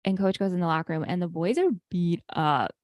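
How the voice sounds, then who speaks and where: A woman's voice: lowish voice, brisk, no echo. A woman co-hosting a podcast who walks through the episode plot in matter-of-fact casual chat. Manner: leads the plot summary, steady and matter-of-fact. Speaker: podcast co-host.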